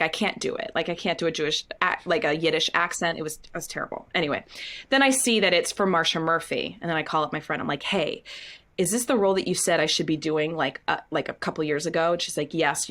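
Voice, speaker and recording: A woman in her thirties chats candidly as an interview guest, with a slightly low-pitched voice. She tells her stories with animation, acts out the voices of others, and laughs often. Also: fairly bright tone. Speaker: guest, Broadway actress.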